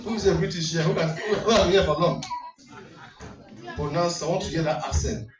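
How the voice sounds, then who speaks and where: A male MC and comedian teases the crowd at a community party hall, his slightly high voice brisk and playful amid frequent laughter. The mic sits at a distance in an echoey hall, so the sound is dull, and music plays in the background.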